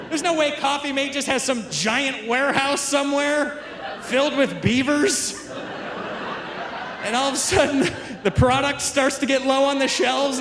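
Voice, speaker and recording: A male stand-up comedian telling stories to a live crowd, with quick asides to the audience, on a handheld stage mic. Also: very high voice, noisy background. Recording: live stage mic with long hall reverb and crowd laughter.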